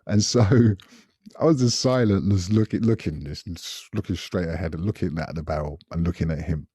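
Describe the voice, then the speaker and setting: A man, telling a story on a podcast in a casual, animated way, repeating himself and adding asides. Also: low voice, normal speed, slightly rough, no echo, studio quality. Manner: animated, repetitive retelling with frequent asides. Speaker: podcast guest recalling past events.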